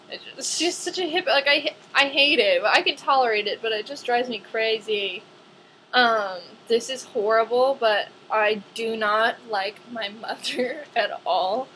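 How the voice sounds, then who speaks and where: A young woman ranting casually to camera in a vlog, chatty and animated, with lots of "like". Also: fairly high pitch, a little hiss or hum, low-quality recording. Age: young adult.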